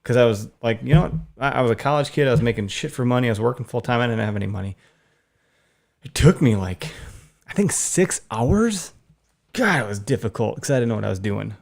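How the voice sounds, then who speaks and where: A man's voice: medium pitch, brisk, vocal fry. A man in his thirties co-hosting a casual hunting podcast, telling stories with lots of animation. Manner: animated storyteller, acts out voices in anecdotes. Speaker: podcast co-host. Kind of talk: casual chat.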